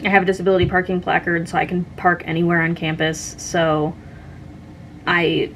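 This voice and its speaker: A woman's voice: fairly low pitch, little pitch movement, normal speed, fairly bright tone, a little hiss or hum. A young woman vlogger casually telling a story, chatty and full of "like" and "um". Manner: chatty, lots of "like" and "um".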